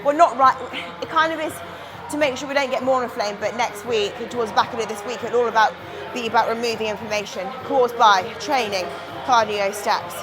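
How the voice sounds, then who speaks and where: A woman's voice: on the high side, brisk, crowd noise, rough recording. Chatty woman coaching in a gym. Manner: chatty, candid, swears casually. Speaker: bodybuilding competitor. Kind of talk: casual gym vlog talk. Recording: music playing behind.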